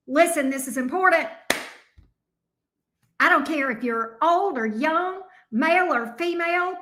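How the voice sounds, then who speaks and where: A middle-aged woman with a Southern US accent, hosting a tarot livestream and greeting viewers by name with lively energy. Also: sits high. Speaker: tarot reader, livestream host. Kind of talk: casual livestream chat.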